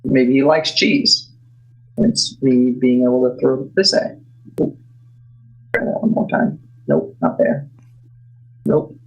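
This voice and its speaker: A man chatting casually while playing a game, with dry, low-key remarks. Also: lively intonation, takes it slowly, pauses often, darkish tone, poor audio. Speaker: co-player. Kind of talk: casual let's play chat.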